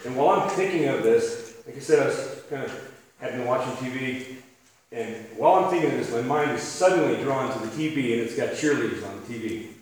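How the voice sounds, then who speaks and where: A man's voice: medium pitch, expressive, brisk. Man preaching in an echoey hall. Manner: conversational, chuckling, many restarts. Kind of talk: storytelling sermon. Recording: echoey room, distant mic, faint hiss.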